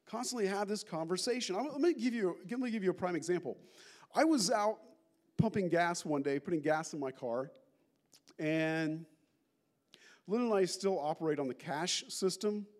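Lively, higher-voiced male pastor. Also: normal speed. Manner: animated storytelling with many asides. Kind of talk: conversational sermon.

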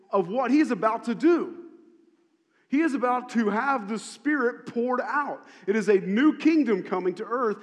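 A male pastor preaching a sermon, telling the story animatedly with lots of repetition. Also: high voice. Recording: long hall reverb.

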